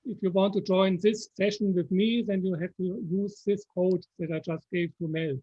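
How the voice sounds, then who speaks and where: A man with a German accent, patiently explaining software step by step on a video call. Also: high-pitched, steady tone, moderate pace. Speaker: software presenter. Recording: dull lo-fi call audio.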